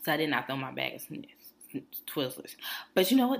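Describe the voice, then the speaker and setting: A woman's voice: sits low, a little fast, gravelly. A woman telling a rambling, profane story on a casual chat show, acting out the people in it. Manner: animated, profane, mimics people in her stories. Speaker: podcast co-host.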